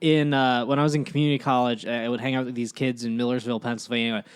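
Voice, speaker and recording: A man in his twenties co-hosting a podcast, making wry, deadpan asides and telling stories in casual chat, laughing at his own jokes. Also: medium pitch, fast talker, clean tone. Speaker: podcast co-host.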